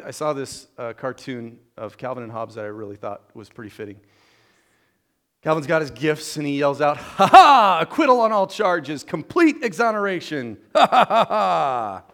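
Man preaching a casual sermon. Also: a little high. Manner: informal and joking, with frequent restarts and repeated words. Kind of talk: conversational sermon.

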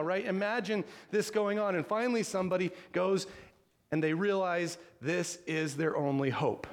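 Male pastor, slightly higher voice, earnest conversational sermon delivery. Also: moderate pace. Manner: earnest, conversational preaching with rhetorical questions.

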